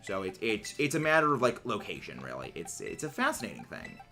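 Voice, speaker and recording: A man's voice: lowish voice, huge pitch swings, a little fast, bright, forceful tone, faint music behind. A man livestreaming, chatting casually with his viewers in a rambling, musing way full of fillers and restarts. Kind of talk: casual chat while gaming.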